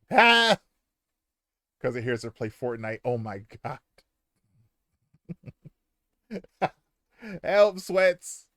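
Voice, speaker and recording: A man's voice: mid-range voice, no room sound, clean studio sound. A young man streaming a game live, chatting casually and crudely and retelling events animatedly. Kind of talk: live gameplay commentary.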